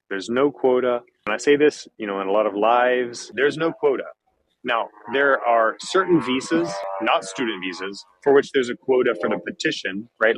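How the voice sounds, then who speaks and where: Low-voiced American former visa officer. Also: male voice, a bit bright, no echo, poor audio. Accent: General American. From Kentucky, USA. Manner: explanatory, reassuring, repeats key points. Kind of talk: interview answers.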